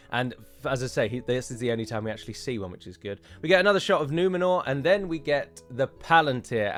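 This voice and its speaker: A man talks through a trailer for his channel in a loose, opinionated way, often restarting and correcting himself. His voice sits at a middling pitch. Faint music plays softly behind him. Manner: chatty, opinionated, with frequent fillers and self-corrections. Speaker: YouTuber reviewing a trailer. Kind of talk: casual commentary to viewers.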